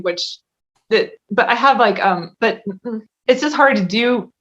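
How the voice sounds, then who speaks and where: A woman's voice: medium pitch, fairly bright tone. A woman guest in a casual interview, talking chattily and laughing often. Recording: dull lo-fi audio.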